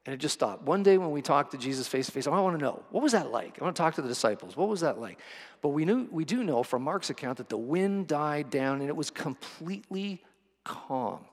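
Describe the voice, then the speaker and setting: A man's voice: a little high, sing-song, brisk, long reverb tail. A male pastor preaching a sermon with vivid storytelling, acting out the quotes.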